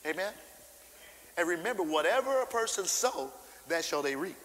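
A man preaching a sermon, informal and animated, acting out scripture and calling out to the congregation. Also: high voice, moderate pace, in a large hall, a little hiss or hum, poor audio. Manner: animated, acts out scripture with shouted character voices; informal, call-and-response preaching.

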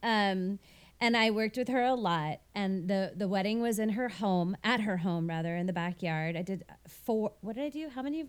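A woman's voice: medium pitch, normal speed, clean tone. A woman who works as a wedding planner, chatting casually and telling a story with animation. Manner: animated storyteller who acts out the people she quotes. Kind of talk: casual podcast chat.

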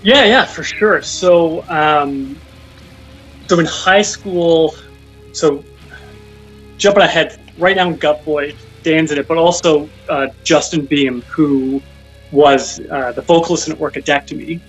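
Speaking slowly in a slightly high, fairly bright, somewhat rough voice, this young man is a guest musician on a casual phone interview. He rambles loosely, full of fillers and false starts. Faint music sits under the dull, lo-fi phone line.

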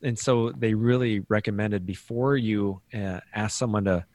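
A man co-hosting a casual faith talk, reflecting in a measured way. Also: lowish voice, fairly even intonation, darkish tone.

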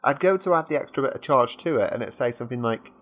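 A man's voice: mid-range voice, expressive, quick pace. British male co-host, mid voice, meandering and hesitant in casual chat. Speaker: podcast co-host. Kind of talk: casual gaming podcast chat.

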